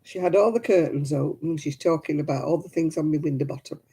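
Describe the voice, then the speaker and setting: A woman's voice: deep voice, fast talker, warm tone, slightly rough, low-quality recording. An older woman, chatting and telling stories with a giggle while she crafts over a video call from home. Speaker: craft stream host. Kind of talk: casual chat while crafting.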